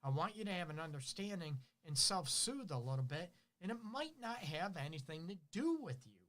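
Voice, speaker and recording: A middle-aged man giving relationship advice on his own show. His talk is casual and lively, full of rhetorical questions and little acted-out lines from couples. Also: sits high, normal speed. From Detroit. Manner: animated, asks rhetorical questions, acts out partners' lines. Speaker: relationship counselor hosting a show.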